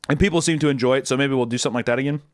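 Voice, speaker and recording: A young man streamer answering chat questions in casual, crude, jokey talk, jumping from loud bursts to low mumbles. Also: racing, no room sound, clean studio sound.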